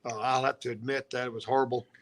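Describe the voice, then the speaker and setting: A man's voice: medium pitch, level tone, fast talker. A man who coaches, chatting casually on a stream in an easygoing, rambling way. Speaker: coach and co-host.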